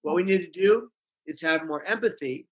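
Man, fairly high voice, earnest, emphatic, repeats phrases, dull lo-fi recording. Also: moderate pace, slightly rough. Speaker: guest speaker on mental health. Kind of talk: passionate conversational storytelling. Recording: dull lo-fi audio.

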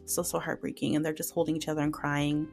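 A woman podcast host talks through drama episodes in a casual, heartfelt ramble. Her voice sits low with some vocal fry. Soft music plays faintly underneath. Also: level tone, fast. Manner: chatty, emotional, many fillers and "like". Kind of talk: casual solo recap.

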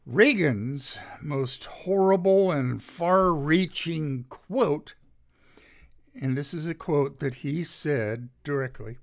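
A man hosting a show, reading political commentary from his notes in a slow, sardonic way with many pauses, his throat drying out. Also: fairly high pitch, gravelly. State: dry throat. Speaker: podcast host.

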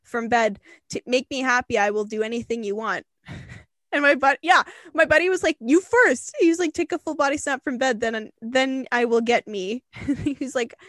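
A young woman co-hosting a podcast, telling a story in a casual, animated way, laughing and swearing often. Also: sits high, moderate pace, dry recording. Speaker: podcast co-host.

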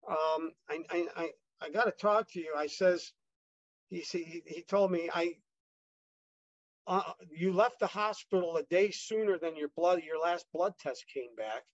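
This male guest has a fairly high voice and tells his story casually and ramblingly, full of fillers and restarts, often acting out what other people said. The audio is dull and lo-fi, recorded close with no room echo.

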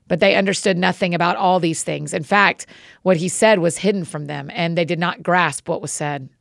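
A woman reading scripture aloud in a measured, even way. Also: lowish voice, gravelly, no echo, studio quality. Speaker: scripture reader.

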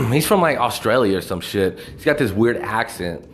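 Profane rambling man with a low voice. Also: expressive, unhurried, a little hiss or hum. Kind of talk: casual movie review rant.

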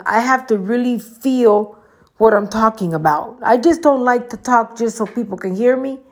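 A middle-aged woman talks straight to her viewers in a chatty, preachy way, giving casual advice. Her voice sits a little high and has a gravelly fry running through it. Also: darkish tone. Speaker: vlogger.

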